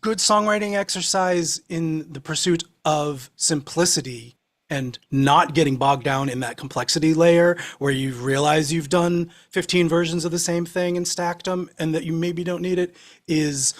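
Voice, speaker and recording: A man's voice: on the high side, fairly even intonation, normal speed. Rambling man musing on songwriting. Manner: rambling, with frequent ums and restarts. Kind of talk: casual chat about songwriting.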